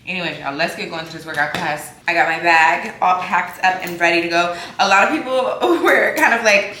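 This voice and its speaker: The talkative, candid vlogger here is sleepy and tired, but her voice, on the low side with a sharp tone, moves briskly as she chats to her viewers. A roomy echo and faint background noise are present.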